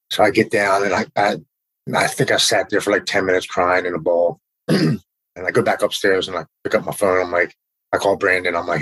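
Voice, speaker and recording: Low-voiced man telling a raw story. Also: fairly even intonation, brisk, fairly bright tone, low-quality recording. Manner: candid, emotional storytelling, often says "man". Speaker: podcast guest. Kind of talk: personal recovery story.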